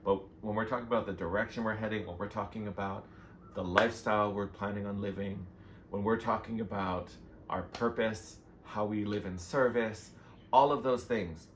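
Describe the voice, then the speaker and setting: A man doing a casual tarot reading to camera, gushing and excitable about each card. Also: on the low side, normal speed. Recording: noisy background hiss.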